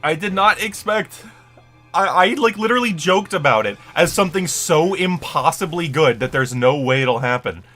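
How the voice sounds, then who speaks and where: A man streaming a live reaction, excitable and emotional, swinging from muttered guesses to shrieking and crying with joy. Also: on the high side, moderate pace, faint music behind.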